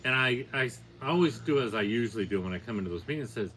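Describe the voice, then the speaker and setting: A man's voice: medium pitch, very fast, slight background noise. An older man telling a long story in a casual, plainspoken, matter-of-fact way. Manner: plainspoken, matter-of-fact, building to animated peaks. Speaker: podcast guest, storyteller.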